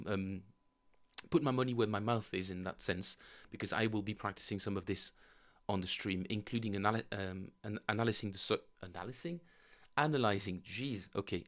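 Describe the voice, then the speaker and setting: Man, casual livestream chat, bass teacher, low-ish voice, rambling, lots of ums. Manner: rambling, many fillers and self-corrections. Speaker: bass player streaming his practice.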